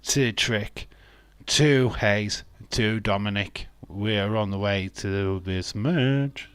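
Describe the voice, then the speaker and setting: Fairly low-pitched, a bit bright and smooth, the English-accented man talks slowly as he hosts a live wrestling watch-along. He's chatty and jokey, reading viewer chat aloud and replying, and there's no room sound.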